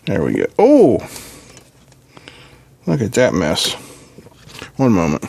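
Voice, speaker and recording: A man's voice: low-pitched, wildly swooping pitch, normal speed, creaky, breathy edge. A man hosting an electronics tutorial from his home workbench, chatting casually and joking about himself while he works. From Appalachian region of the US. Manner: chatty, self-deprecating, talks while working.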